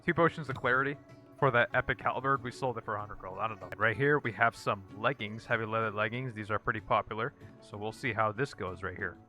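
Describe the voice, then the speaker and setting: Male gaming host, bright tense tone, dry repetitive verdicts, faint music underneath. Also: on the low side, fast. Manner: repeats one-word verdicts in a dry, flat way. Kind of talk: casual gameplay commentary.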